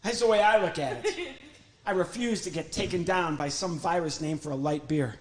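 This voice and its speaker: A man's voice: fairly high pitch, moderate pace. Joking ventriloquist man in a church. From Illinois. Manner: chatty, joking, talks to his puppet. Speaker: ventriloquist comedian. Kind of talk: live stand-up ventriloquism act. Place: church stage.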